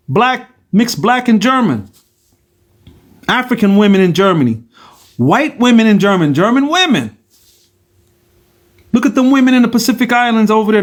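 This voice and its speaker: A man from the United States ranting casually to his viewers, rambling and repetitive, often calling them "y'all" and stumbling over words. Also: high-pitched. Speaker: vlogger. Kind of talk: casual direct-to-camera rant.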